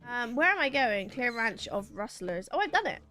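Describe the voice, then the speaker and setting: A woman's voice: a little high, very animated, normal speed, bright, forceful tone. A woman streaming a video game who chats playfully with her viewers, reading their messages aloud and bantering back. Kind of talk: casual chat with a live chat while gaming. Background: faint game music.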